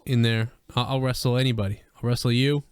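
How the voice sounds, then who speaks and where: A young man co-hosting a crude, rambling chat, often breaking into loud put-on voices. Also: mid-range voice, level tone, fast talker, clean tone, no echo. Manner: rambling, slips into shouted wrestler impressions. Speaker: podcast co-host.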